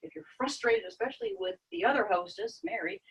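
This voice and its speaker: A Bible study leader guiding a group discussion, animated and acting out quotes in a raised voice. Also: mid-range voice, fairly quick, creaky, slightly rough, poor audio.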